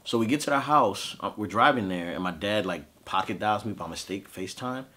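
Deep-voiced grieving man telling a story. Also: expressive, bright, forceful tone. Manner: emotional, halting, frequent fillers. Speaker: podcast host. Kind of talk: personal storytelling.

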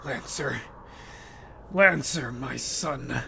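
A cold villainous king from a video game, speaking far lower than the speaker's usual voice, slow, grave and commanding, as a man puts him on. The delivery is quiet and heavy with menace. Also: gravelly, slight background noise, full character voice. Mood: menacing.

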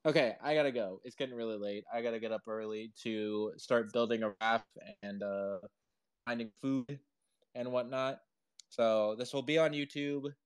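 A man's voice: mid-range voice, fairly even intonation, normal speed, clean tone. A man chatting casually on a live audio stream, rambling with lots of "like" and "uh" and laughing often, through a headphone built-in mic. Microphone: headphone built-in microphone.

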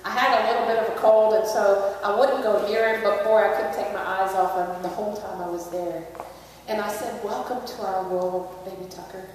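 A woman's voice: mid-range voice, steady tone, brisk, darkish tone, far from the mic, a little hiss or hum. Woman pastor, storytelling sermon, conversational, echoey church hall, long reverb. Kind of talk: Christmas Eve sermon. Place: large church sanctuary.

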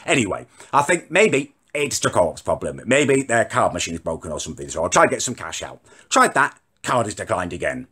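A young man rants to camera at home in an indignant, self-important tone. His voice is forceful and a little husky, and his pitch swings widely from line to line. He sounds like a comic vlogger. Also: very animated, brisk. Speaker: comedy vlogger. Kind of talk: ranting comic monologue to camera. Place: home, indoors.

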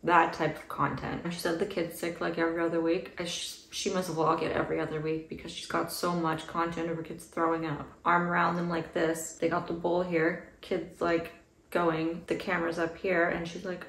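A woman's voice: fairly low pitch, completely flat delivery, normal speed, fairly bright tone, echoey room, slight background noise, rough recording. A woman giving sarcastic, indignant commentary on video clips. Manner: indignant, sarcastic, mocks others in voices. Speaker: commentary YouTuber. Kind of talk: reaction commentary.

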